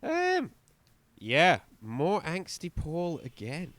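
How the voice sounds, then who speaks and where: A man's voice: medium pitch, lively intonation, normal speed, a bit bright, dry recording. A man co-hosting a music podcast, chatting casually and sarcastically about an album, mocking lyrics in exaggerated voices. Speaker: podcast co-host. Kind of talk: casual album review chat.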